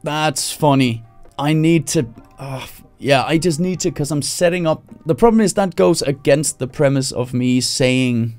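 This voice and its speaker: A comedian writing jokes live on a stream, thinking out loud, who breaks into high screaming voices to act out his bits and laughs at his own lines. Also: moderate pace, soft background music. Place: home streaming setup.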